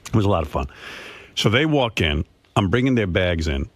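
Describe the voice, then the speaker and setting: A man's voice: low voice, big pitch swings, a little fast, no room sound. A middle-aged man hosting a radio show, telling a personal story in a rambling, emotional way with many restarts. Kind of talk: casual radio chat.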